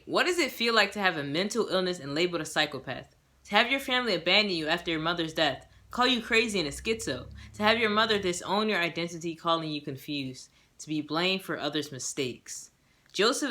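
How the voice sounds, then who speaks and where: A young woman with a bright, crisp voice chats her way through a movie review. She rambles happily, laughs easily and acts out her own reactions as she gushes. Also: on the low side. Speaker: movie reviewer and self-published author. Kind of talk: casual movie review vlog.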